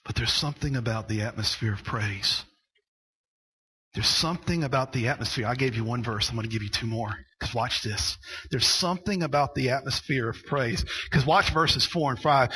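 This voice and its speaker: A man preaching a sermon, going from quiet storytelling to loud, shouted preaching. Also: medium pitch, normal speed, husky, rough recording. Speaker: pastor.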